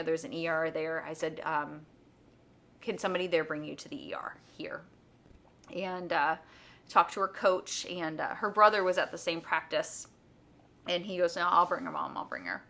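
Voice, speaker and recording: A woman's voice: lowish voice, fairly bright tone. A middle-aged woman, a homeschooling mom and nurse, telling a personal story in a casual vlog, chatty and full of fillers. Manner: chatty, with many fillers like "um" and "you know".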